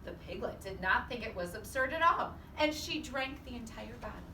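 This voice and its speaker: A woman preschool teacher who talks in an animated, singsong, encouraging way, with a bright voice that leaps up and down. She is heard from a distance in an echoey room with faint hiss. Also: on the high side, normal speed. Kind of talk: storybook read-aloud and class game.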